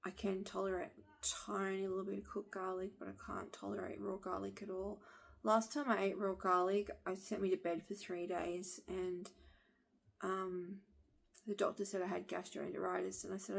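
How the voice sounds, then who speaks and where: Frustrated woman in her thirties who vents bluntly, with a husky, gravelly rasp. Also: medium pitch, flat delivery, moderate pace. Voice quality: husky smoker-like voice. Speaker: vlogger. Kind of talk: venting to camera.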